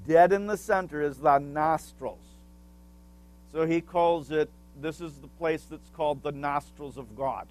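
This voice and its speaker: A man's voice: on the high side, a little mellow. A man preaching a sermon as pastor, explaining a word with small asides and asking the congregation questions. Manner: asks the congregation questions and pauses for answers.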